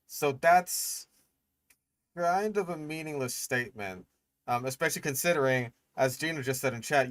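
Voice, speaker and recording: A young man reacting on a stream, exasperated and sarcastic, swearing freely as he picks things apart. His voice sits at a medium pitch and sounds close and dry, with no room around it. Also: a bit bright, no echo. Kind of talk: casual reaction commentary.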